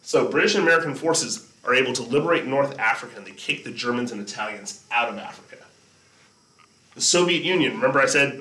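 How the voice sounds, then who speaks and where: A man gives a history lesson over slides, chatty and informal, pausing often to check that his listeners follow. His voice is bright and forward. He sits back from the mic, and the room rings around him. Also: mid-range voice, expressive. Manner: conversational, keeps checking in with listeners. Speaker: history teacher. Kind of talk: classroom lecture over slides. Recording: echoey room, distant mic.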